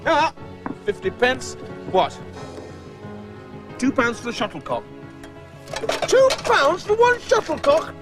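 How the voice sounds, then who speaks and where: A man's voice: very high voice, huge pitch swings, slow pace, pauses often, music in the background. A man hosting a comic children's puppet show, fussing and exasperated as he keeps giving in.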